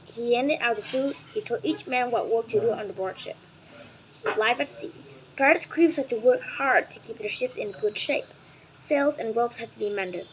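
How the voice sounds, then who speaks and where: A woman whose first language is Vietnamese reads a children's nonfiction book aloud in English, carefully and deliberately, sometimes stumbling and correcting herself. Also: a little high, rough recording.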